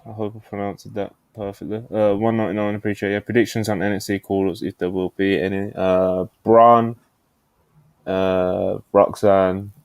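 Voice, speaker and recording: A man's voice: lowish voice, darkish tone, smooth, no room sound. A man co-hosting a podcast, reading out donations in a laid-back, offhand, drawling way. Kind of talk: casual chat.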